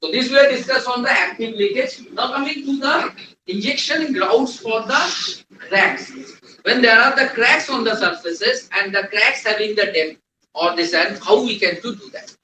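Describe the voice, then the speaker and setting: High, bright-voiced trainer. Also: male voice, moderate pace. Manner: quizzes the class, repeats key points. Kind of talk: classroom lecture. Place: lecture hall. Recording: echoey room, distant mic.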